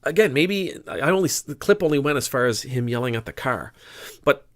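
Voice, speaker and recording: With lively intonation and a fairly quick pace, this middle-aged man's mid-range voice delivers a conversational faith talk in an informal sermon style. He muses aloud, restarting thoughts and breaking into sudden bursts of emphasis.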